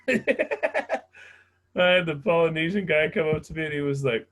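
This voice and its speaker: A brash, profane male stand-up comic performing a set, laughing at his own jokes. His voice sits a little high with big pitch swings and a fairly bright tone, and he keeps a moderate pace broken by long pauses.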